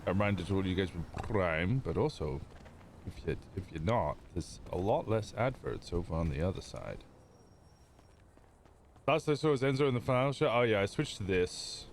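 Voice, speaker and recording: A man's voice: low voice, animated, moderate pace, a little hiss or hum. A man livestreaming a roleplay game, chatting casually with his viewers in a rambling, self-interrupting way. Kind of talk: casual chat with stream viewers.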